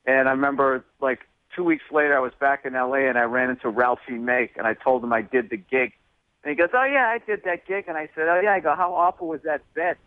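A male comedian telling stories in a casual interview, lively and acting out other voices. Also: medium pitch, quick pace, no room sound. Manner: animated storyteller, acts out voices. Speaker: comedian guest. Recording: tinny phone line.

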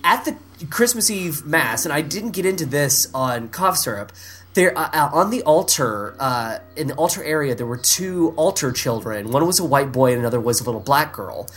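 A man's voice: on the high side, moderate pace. A man hosting a casual chat, telling stories with exasperated asides. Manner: animated storytelling with exasperated asides.

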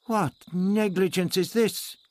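A man's voice: mid-range voice, sing-song, measured pace, dry recording, voice pushed up. Proud formal aztec warrior guy, raised voice, stately talk, a man reading him.

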